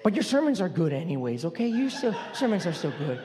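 A man's voice: sits high, big pitch swings, fast, long reverb tail, noisy background, voice pushed down. A man voicing a blunt, well-meaning woman from his congregation who gives a backhanded encouragement. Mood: sincere.

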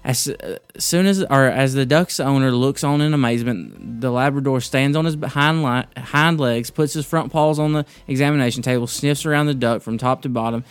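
A man hosts a casual devotional talk, halting and restarting often as he tells a joke and then talks through scripture. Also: mid-range voice, smooth, no echo, faint music behind. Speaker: podcast host.

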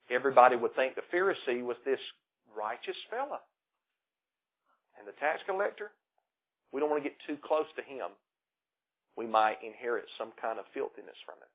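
A man with a Southern drawl preaching a sermon, rising loud on key words and dropping low again. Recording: tinny phone-like recording.

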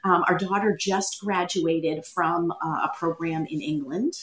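A woman's voice: fairly low pitch, fairly even intonation, measured pace. A middle-aged Canadian woman chatting as a podcast guest, friendly and self-deprecating. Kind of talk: casual chat. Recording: echoey, distant from the mic.

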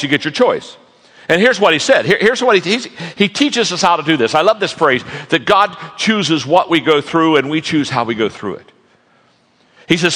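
Animated male preacher in a big hall. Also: on the high side. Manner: animated storytelling, acting out characters. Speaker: guest speaker. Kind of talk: sermon.

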